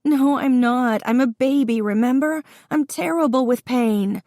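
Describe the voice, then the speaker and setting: A woman voicing a young pregnant woman in labor, high and pleading. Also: flat delivery, slow, darkish tone, no echo, clean studio sound, natural voice. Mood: scared.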